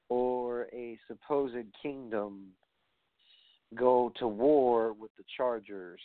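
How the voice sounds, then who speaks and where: A man's voice: mid-range voice, dry recording. Tinny-sounding man ranting sarcastically. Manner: sarcastic, profane ranting with lots of fillers. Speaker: podcast host. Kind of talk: casual wrestling podcast rant. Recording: tinny phone-like dry sound.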